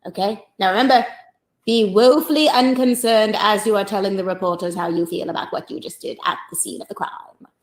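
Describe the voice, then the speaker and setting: A woman's voice: medium pitch, fairly quick. A woman hosting a comedy sketch, playing a mock-earnest acting instructor with a wry delivery. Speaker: comedy host.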